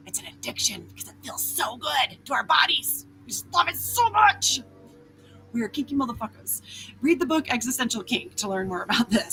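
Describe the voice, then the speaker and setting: High-voiced animated woman host. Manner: animated, swears, acts out inner voices. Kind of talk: casual spiritual talk.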